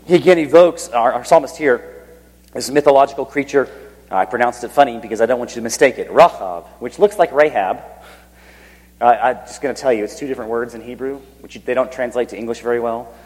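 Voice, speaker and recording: A pastor with a somewhat husky voice delivers a sermon. He reads scripture with building emphasis and then sinks to a near whisper for the most reverent lines. His voice rings out with a long reverb, as if recorded in a church sanctuary. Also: medium pitch, fast talker, a little mellow.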